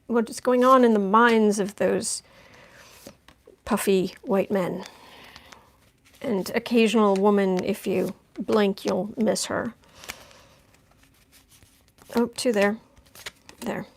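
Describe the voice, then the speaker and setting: A woman's voice: mid-range voice, fairly even intonation, slow pace, gravelly, long pauses. A woman giving a chatty live-stream tarot reading, making wry asides as she lays out cards. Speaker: tarot reader.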